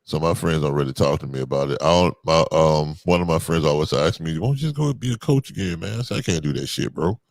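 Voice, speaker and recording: A man co-hosting a casual podcast chat, animated and swearing freely, his voice jumping up loud when he gets worked up. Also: a bass voice, fast talker, vocal fry, hardly any pauses, no echo. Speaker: podcast co-host.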